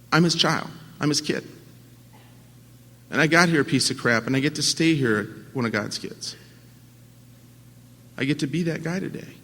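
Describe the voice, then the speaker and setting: A man giving a personal recovery talk to an audience at a convention, earnest and halting with many restarts, swinging from quiet to impassioned. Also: medium pitch, animated. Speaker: AA speaker. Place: large conference hall at a convention. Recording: long hall reverb from a live talk.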